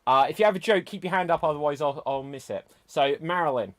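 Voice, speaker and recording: A man hosting an online improv game, animated, laughing often and calling on players. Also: fairly high pitch, quick pace. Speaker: improv host.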